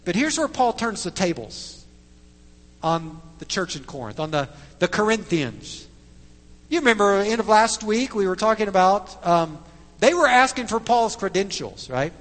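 A man's voice: high voice, sing-song, a little slow, fairly bright tone, in a large hall. A man preaching a sermon as pastor, emphatic, with repeated tag questions to the congregation.

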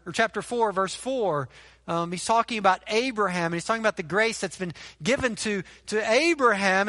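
A man's voice: sits high, pushed and bright, in a large hall. A man preaching a sermon, emphatic, repeating key phrases and asking rhetorical questions to the congregation. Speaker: pastor.

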